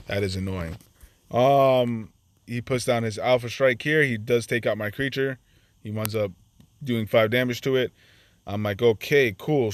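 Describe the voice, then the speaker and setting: A man's voice: on the low side, clear, resonant tone. A man giving casual, chatty commentary over his own card game match, acting out his reactions to his opponent's moves. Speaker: gaming channel host.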